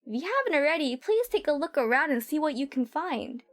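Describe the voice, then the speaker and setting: Brief: woman game streamer, high voice, reads text aloud and reacts openly, home setup. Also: lively intonation, brisk, soft background music.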